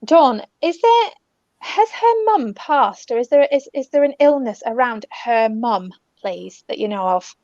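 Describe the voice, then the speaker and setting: British woman medium, gentle and soothing, slightly high, muffled dry recording. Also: lively intonation, measured pace, no room sound. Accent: British English. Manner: gentle, soothing, calls people love and darling. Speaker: spiritual medium. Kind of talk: live online reading. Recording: dull, dry lo-fi audio.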